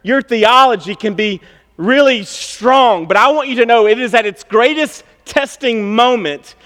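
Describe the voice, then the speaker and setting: A man with a high voice preaching to his congregation, telling stories in a relaxed, conversational way that swells into emphasis. His voice carries through a church sanctuary with a long reverb tail. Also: measured pace. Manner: conversational, storytelling, with bursts of emphasis. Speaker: pastor. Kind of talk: sermon.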